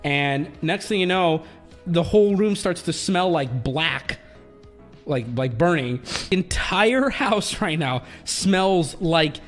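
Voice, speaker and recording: A man with a high voice rambles through casual stream chat, swearing freely and breaking into laughs. Faint music plays behind him. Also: lively intonation, takes it slowly. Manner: rambling, profane, laughing often.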